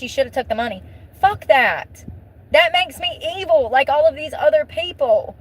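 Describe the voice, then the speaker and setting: Woman vlogger, fairly high voice, blunt and profane, venting straight to camera. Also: rough recording. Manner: blunt, profane, repeats phrases for emphasis. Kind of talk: emotional venting monologue.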